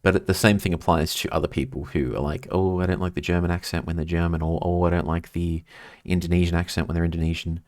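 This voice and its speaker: Australian male streamer, low voice, chatty and rambling, dry close sound. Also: level tone, quick pace, darkish tone, no room sound. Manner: rambling, chatty, reads chat aloud. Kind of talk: casual chat while gaming.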